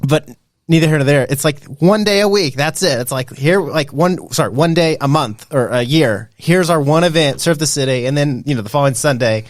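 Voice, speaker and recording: A man in his thirties hosting a podcast in casual chat. He talks in an animated way, with lots of fillers, and laughs often. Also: a little high, fairly quick, dry recording, studio quality. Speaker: podcast host.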